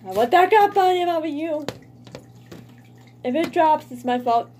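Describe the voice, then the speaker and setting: A woman chatting casually in a vlog about her pet fish, excitable and playfully scolding them as she talks. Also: sits high, normal speed, a little hiss or hum.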